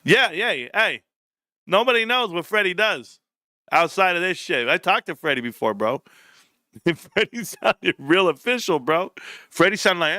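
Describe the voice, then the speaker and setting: A man's voice: on the high side, lively intonation, moderate pace, no room sound, studio quality. A man hosting a live stream in casual chat, rambling, joking and swearing a lot. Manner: profane, rambling, joking, laughs loudly.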